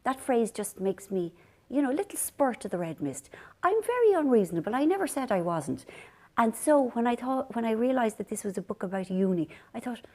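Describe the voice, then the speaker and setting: A woman's voice: a little high, very animated, fairly quick, darkish tone. An Irish woman from Ireland chatting to camera as a vlog host, telling rambling, self-deprecating stories. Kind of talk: casual chat to camera.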